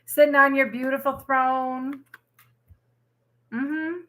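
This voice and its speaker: A woman giving a tarot reading on a casual livestream, her voice high and bright. She talks in an animated, exclamatory way and swears freely. She sounds like she is speaking from home. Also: a little slow. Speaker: tarot reader.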